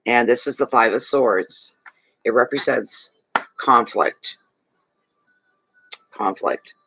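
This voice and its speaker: A man's voice: medium pitch, a little slow, a bit bright, a little hiss or hum, low-quality recording. Emphatic man giving a tarot reading. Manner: emphatic, repeats key phrases for reassurance. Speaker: tarot reader. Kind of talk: tarot card reading for a client.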